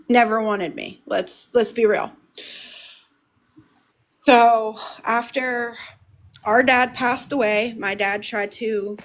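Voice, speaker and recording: A woman speaking as a livestream guest, halting and emotional, restarting her sentences as she tells a family story. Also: a little high, a bit bright.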